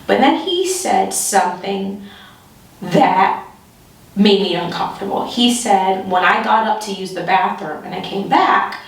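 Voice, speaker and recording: A woman telling a story in a casual storytime vlog, animated and breaking into nervous laughter. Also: medium pitch, measured pace, creaky. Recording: echoey room, distant mic.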